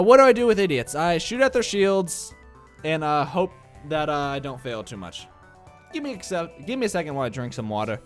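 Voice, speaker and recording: A young man from the American Midwest with a Midwestern accent, rambling through casual let's-play commentary with many filler uhs, his voice a bit congested from allergies. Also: on the high side. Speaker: gameplay commentator.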